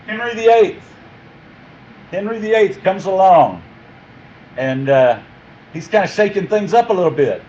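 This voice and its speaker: A man teaching a history class in a jokey, animated way, often quizzing his listeners. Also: sits high, a little slow, long pauses, dull audio, a little hiss or hum.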